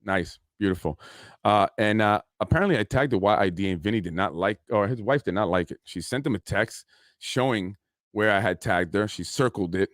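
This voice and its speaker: Male podcast host, low voice, dry recording; aggrieved, rambling monologue. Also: a little fast, a bit bright, no room sound. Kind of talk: casual solo podcast monologue.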